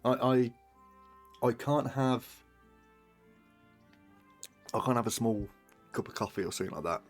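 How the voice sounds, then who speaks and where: A man's voice: mid-range voice, measured pace, faint music behind. British man, streamer, casual chat, swearing, joking with chat. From Britain. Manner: swearing, laughing banter with chat.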